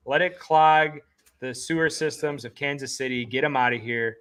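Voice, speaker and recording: A man co-hosting a casual sports betting chat, excitable and jokey, talking in rapid bursts of hype. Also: mid-range voice. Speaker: podcast co-host.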